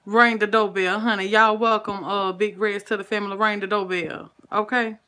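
Bright-voiced Southern woman chatting with viewers. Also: medium pitch. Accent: Southern American. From Southern United States. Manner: folksy, sprinkles "honey" and "child", greets viewers by name. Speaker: cooking livestream host. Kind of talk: casual livestream chat with viewers.

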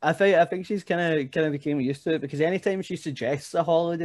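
A young man, a wrestler guest on a podcast, telling stories in a casual, animated way with frequent laughs and "you know what I mean". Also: a little high, fast talker, no room sound. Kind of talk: casual storytelling chat.

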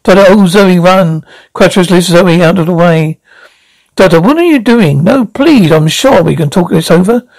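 A man voicing an eccentric, fussy older male time traveller who sounds flustered and jumps up in pitch. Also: normal speed, creaky, a little mellow, no room sound, poor audio.

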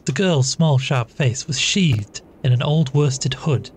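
A man reading a classic short story aloud as a podcast narrator, measured and even. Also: medium pitch, slight background noise. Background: faint music.

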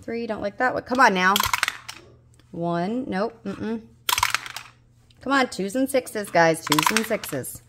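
A woman's voice: medium pitch, animated, slow pace, long pauses, very noisy. Tired woman coaxing her dice. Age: 30s. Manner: coaxing and scolding the dice, playful and salty. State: unwell and tired. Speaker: budgeting vlogger. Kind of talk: casual chat to viewers while rolling dice.

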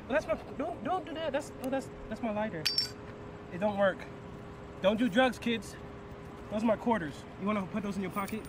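A man's voice: very high voice, animated, moderate pace, long pauses. A man being arrested in an outdoor car park, joking and rambling in playful banter. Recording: noisy outdoor street recording with traffic.

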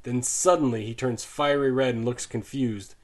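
A man reading a novel aloud as an audiobook narrator, measured and sinking low and soft in grim passages. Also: steady tone.

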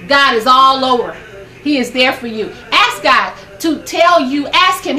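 Bright-voiced older woman preaching fervently. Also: high-pitched, reverberant, distant mic. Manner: fervent, preachy, laughs often. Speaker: host of a gospel program. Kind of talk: devotional talk to camera. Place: her home.

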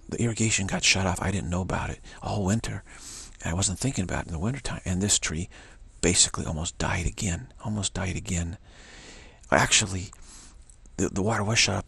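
A man's voice: low voice, gravelly, a bit bright, breathy edge, dry recording. A man giving a spiritual pep talk, who speaks emphatically, rambles and repeats phrases. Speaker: spiritual teacher.

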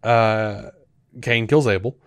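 A man co-hosting a podcast, talking through a show review in a rambling, animated way with lots of fillers and restarts. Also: fairly low pitch, takes it slowly, no echo, studio quality. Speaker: podcast co-host. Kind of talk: casual review chat.

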